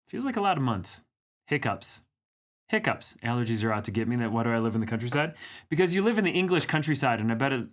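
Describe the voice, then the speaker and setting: Male livestream host, mid-pitch, loose and chatty, teasing chat readers. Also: fairly bright tone. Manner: chatty, reads viewer comments aloud, teasing. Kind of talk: casual live-chat banter.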